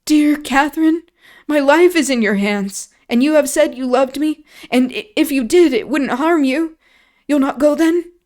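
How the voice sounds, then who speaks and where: A woman's voice: fairly high pitch, measured pace, close to an everyday voice. A woman voicing a frail, terrified teenage boy who pleads tearfully in a novel read aloud on a stream. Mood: pleading.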